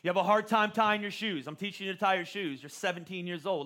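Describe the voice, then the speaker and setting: A man's voice: sits high, fast, sharp tone. A man in his forties giving a conversational sermon as a pastor, often repeating words as he starts a phrase.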